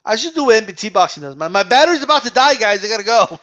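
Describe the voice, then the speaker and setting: Male boxing-stream host, high voice, laughs a lot, slangy and casual. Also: very animated, rapid-fire, fairly bright tone, highs cut off. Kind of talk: casual chat reading viewer questions.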